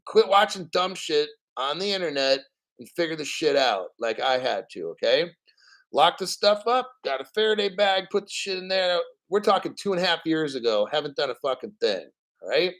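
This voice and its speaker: Man, a little higher-pitched than most, hosting a crypto livestream. Blunt, cursing, ranting, mocks people in put-on voices. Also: very animated, moderate pace, a bit bright. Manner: mocking put-on quotes. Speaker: crypto channel host. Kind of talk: casual livestream rant.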